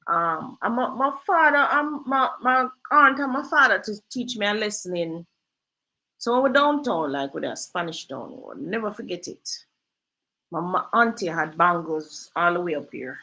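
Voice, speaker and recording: Woman host, bright tone, chatty storyteller with patois. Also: mid-range voice, moderate pace, low-quality recording. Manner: lively storyteller, drifts into patois. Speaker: real estate agent and host. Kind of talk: casual storytelling chat.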